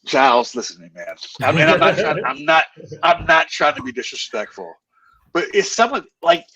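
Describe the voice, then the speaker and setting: Bright, emphatic man on a dry distant mic. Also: a little high, big pitch swings, moderate pace, highs cut off. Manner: blunt, emphatic, slangy. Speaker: co-host of a bodybuilding watch party. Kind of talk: casual live-stream chat.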